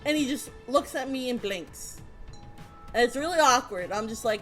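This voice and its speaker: A young woman recounts a chaotic day in a casual storytime, her high voice leaping wide as she laughs and swears. She slips into quick impressions of the people she met. A faint bed of music sits under her talk. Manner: animated, laughing, swearing freely, acts out quotes.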